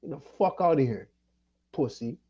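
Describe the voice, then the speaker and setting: This Jamaican livestreamer is furious, swearing and confronting someone in a heated rant. His mid-range voice is mellow and husky with lively intonation at a moderate pace, and the recording has its highs cut off.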